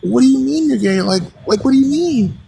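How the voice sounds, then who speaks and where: A man voicing an exasperated mother who nags her son, in a shrill, scolding tone. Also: fast talker, vocal fry, slight background noise, close to an everyday voice, poor audio. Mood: shocked.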